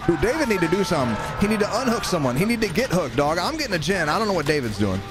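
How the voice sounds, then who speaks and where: A man livestreaming a game, chatting casually with excitable, profane, rambling banter and yelling at teammates. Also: high-pitched, racing, over loud music. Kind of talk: live gameplay commentary.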